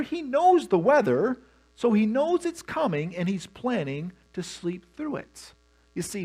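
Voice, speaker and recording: A pastor preaching a sermon, telling the story with humor and animation. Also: medium pitch.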